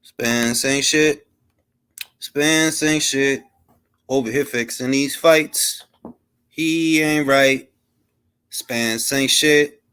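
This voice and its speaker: A man's voice: mid-range voice, steady tone, drawn-out words, long pauses, a bit bright, clean tone. A man on a boxing talk stream panel, making an emphatic argument. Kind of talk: casual live-stream chat.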